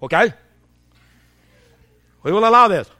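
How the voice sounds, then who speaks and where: A man voicing a short, barking male army sergeant who shouts clipped commands in a sermon story. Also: high voice, lively intonation, a little slow, heavily acted.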